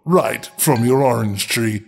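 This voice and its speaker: A man voicing a small, ugly, yellow-faced male dwarf who speaks smugly and with disdain. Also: mid-range voice, unhurried, gravelly, faint music behind, pitched below the performer's own voice. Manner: disdainful, smug.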